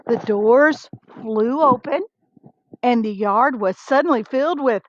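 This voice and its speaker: A woman reads a children's picture book aloud in a slightly high voice, slow and deliberate. She is expressive and stops to talk with her young listeners. The sound is dry and a little dull and lo-fi. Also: dry recording. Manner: expressive, talks to young listeners between pages. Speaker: storybook reader. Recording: dull lo-fi recording.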